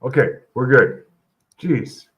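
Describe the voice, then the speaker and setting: A man hosting a fight picks stream, loud and flustered, swearing at technical trouble. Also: medium pitch, expressive, slow pace, lo-fi sound, noisy background. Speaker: host of a fight picks show. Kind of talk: casual livestream chat.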